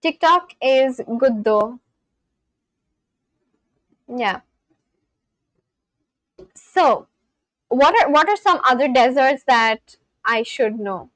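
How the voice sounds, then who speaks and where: High-voiced young woman gushing on stream. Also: lively intonation, extremely slow, pauses often, fairly bright tone, dry recording, low-quality recording. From India. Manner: gushing, reads chat aloud and reacts. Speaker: livestreamer. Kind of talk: casual livestream chat.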